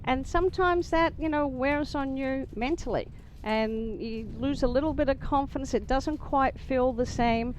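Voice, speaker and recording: A woman's voice: high voice, normal speed, few pauses, a little hiss or hum. A woman giving chatty, emphatic sports commentary as a former player. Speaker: color commentator.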